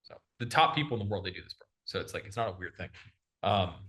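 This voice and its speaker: Young man, sales coach, rapid talk, bright forceful tone, slangy casual chat. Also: sits low. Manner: energetic, slangy, says bro a lot.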